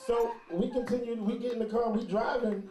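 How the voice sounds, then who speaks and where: Stand-up comic, male, high and animated, live club with audience laughter. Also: a little fast. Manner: loud, animated storytelling with shouted bits. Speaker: stand-up comedian. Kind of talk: stand-up comedy set. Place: comedy club stage. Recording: roomy club with crowd.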